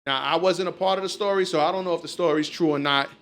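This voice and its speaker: A man hosts a loose, swearing, storytelling chat. His voice sits a little higher than most men's, and he talks casually with his guests. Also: fast, a bit bright. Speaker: podcast host.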